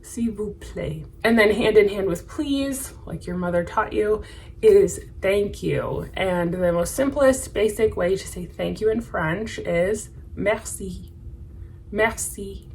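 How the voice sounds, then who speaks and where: A woman's voice: mid-range voice, a little mellow, slight background noise, poor audio. Woman teaching travel French. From United States. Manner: repeats phrases slowly for practice. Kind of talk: casual language lesson.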